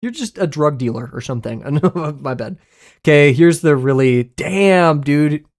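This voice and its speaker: A streamer chatting casually and excitedly with viewers, laughing often and swearing freely while reacting to chat. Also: mid-range voice, measured pace.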